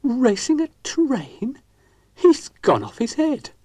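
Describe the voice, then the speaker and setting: A man's voice: mid-range voice, moderate pace, voice pushed up, natural voice. A man voicing a grumpy, sardonic male dog who grumbles dry, weary quips. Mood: exasperated.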